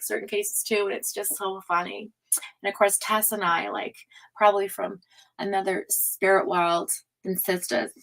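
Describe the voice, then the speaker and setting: A woman's voice: mid-range voice, fairly bright tone, rough recording. A woman hosting a casual livestream, chatting with viewers, reading their comments aloud and laughing often. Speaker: tarot livestream host.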